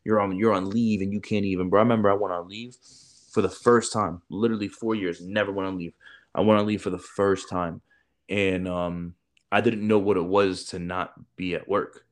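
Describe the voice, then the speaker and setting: Deep voiced dude just shooting the breeze, swears a ton, bro this bro that. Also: male voice, steady tone, normal speed. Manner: loose, profane, peppered with "bro" and "like". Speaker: podcast co-host, former military recruiter. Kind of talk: casual chat.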